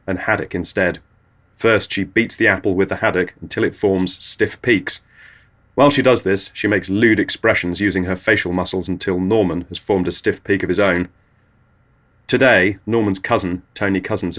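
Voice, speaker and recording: A man's voice: deep voice, a bit bright. A man, host of a comedy show, telling absurd surreal stories in a dry, matter-of-fact way. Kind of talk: absurdist comic monologue.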